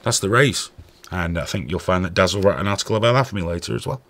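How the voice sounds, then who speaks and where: A man hosting a podcast, telling stories in a profane, animated way. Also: sits low, quick pace, noisy background. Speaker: podcast host. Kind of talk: casual chat.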